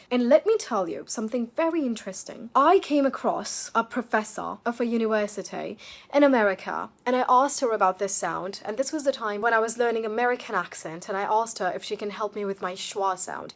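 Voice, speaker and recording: A woman teaching a pronunciation lesson, drilling single words slowly and checking in with her viewers. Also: on the high side. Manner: checks in with "okay, everyone?". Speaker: accent coach.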